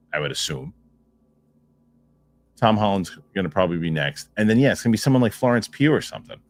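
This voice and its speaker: A man hosting a live stream, chatting casually and rambling, repeating himself as he reacts to viewer comments. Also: fairly low pitch. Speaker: host of a film news live stream.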